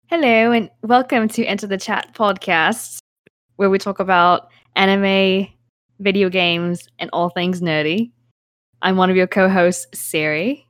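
A woman's voice: mid-range voice, extremely slow, long pauses, mellow, no room sound, studio quality. A woman voicing a podcast co-host in a put-on British accent that drifts toward Australian. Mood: playful.

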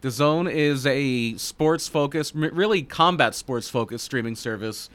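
A man's voice: medium pitch, a little slow, a bit bright. A man co-hosting a casual podcast, explaining backstage rumors at length in an informed way. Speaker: podcast co-host reading wrestling news.

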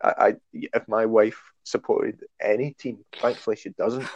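A Scottish man chatting casually on a podcast, telling stories with a self-deprecating, animated manner. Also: lowish voice, a little slow, dry recording, highs cut off. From Scotland. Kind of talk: casual chat.

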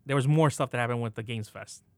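A man co-hosting a podcast in casual chat, relaxed and laughing often between remarks. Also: mid-range voice, fast, dry recording. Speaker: podcast co-host.

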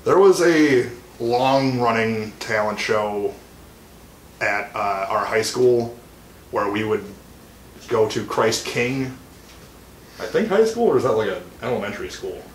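A young man, a band musician, tells an animated story as a guest in a casual interview, chuckling as he goes. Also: fairly low pitch, unhurried, pauses often. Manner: animated anecdote-telling, chuckling. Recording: echoey room, faint noise.

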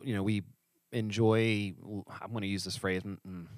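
A man's voice: lowish voice, flat delivery, no echo. A man co-hosting a church podcast as a pastor, in casual joking chat, breathing a little hard from allergies. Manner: joking, quick-talking. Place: small studio up steep stairs. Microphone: studio mic on a stand.

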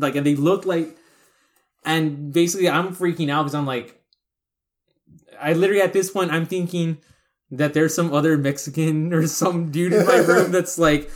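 A man's voice: fairly high pitch, steady tone, brisk. A man casually telling a spooky story on a podcast, cursing and rambling, acting out the other people's lines. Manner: profane, rambling, acts out quoted voices. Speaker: podcast co-host.

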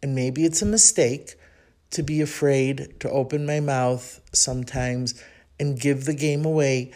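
A woman with a Chicago accent hosts her own podcast and tells a story from her life. She speaks in a chatty, reflective way and thinks aloud. Her talk is full of small pauses and restarts. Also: rumbling low, fairly even intonation, mellow. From Chicago, United States. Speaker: podcast host. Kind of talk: personal storytelling monologue.

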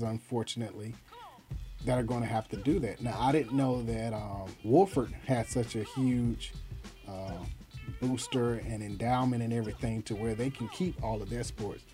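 Male sports-podcast co-host, mid pitch, relaxed chatter, lists matchups, soft music bed. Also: normal speed. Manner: rattles off lists of teams, trails off quietly. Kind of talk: casual sports chat.

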